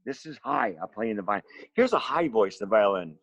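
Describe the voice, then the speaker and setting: Animated male teacher talking to kids. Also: lowish voice, vocal fry. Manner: slow, simple explanations with lively questions to children. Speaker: special education music teacher. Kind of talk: lesson for students at home.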